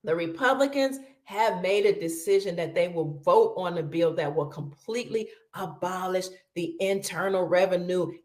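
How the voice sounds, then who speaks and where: A woman's voice: lowish voice, normal speed, few pauses, darkish tone, roomy sound. Middle-aged woman host, casual commentary, chatty, reads items aloud, calls viewers family.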